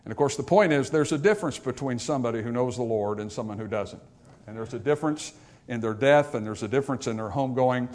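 A pastor giving a funeral sermon, telling a story and explaining scripture in a conversational way. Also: male voice, mid-range voice, fast talker, darkish tone.

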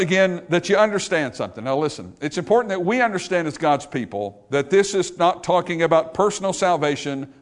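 A man preaching a sermon as pastor, moving from steady Bible teaching to loud, emphatic repetition with questions to the congregation. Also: on the high side.

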